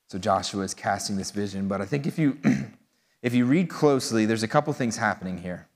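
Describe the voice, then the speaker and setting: A man's voice: on the low side, fairly quick, vocal fry. A man preaching a sermon in a loose, conversational way, with frequent fillers and asides. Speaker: pastor. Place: church hall. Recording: long hall reverb.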